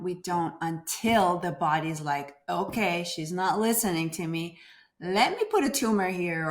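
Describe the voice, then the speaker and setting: A woman in her thirties, a doctor speaking as a guest in an interview, talking in an expressive way and acting out the voices she quotes. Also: mid-range voice. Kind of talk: conversational interview.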